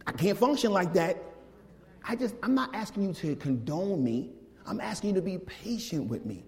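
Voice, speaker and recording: Brief: pastor, man, slightly high voice, loose and slangy delivery, sermon in a big reverberant church. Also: normal speed. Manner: animated, slangy, conversational preaching. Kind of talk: casual, lively sermon. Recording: long hall reverb.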